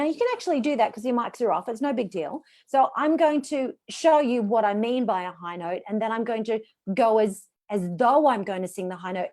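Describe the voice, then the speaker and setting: A woman's voice: a little high, a little mellow. A woman voice coach leading a live online workshop, chatty and encouraging as she demonstrates vocal exercises.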